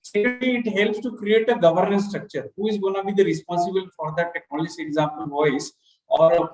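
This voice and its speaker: Male panelist, high voice, roomy echo, rambling list of points. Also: fast, a little mellow. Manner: loose, listing points, often adds "right?". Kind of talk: panel discussion.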